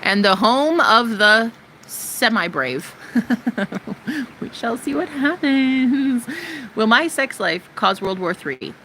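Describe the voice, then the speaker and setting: A woman's voice: fairly high pitch, lively intonation, slow pace, bright, forceful tone, a little hiss or hum, rough recording. A woman live streaming, talking casually and ranting in a brash, sarcastic way full of profanity.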